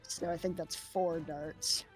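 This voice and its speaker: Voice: mid-range voice, little pitch movement, slow, soft background music. A player at a tabletop game making dry, wry remarks. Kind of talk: tabletop game play, casual chat.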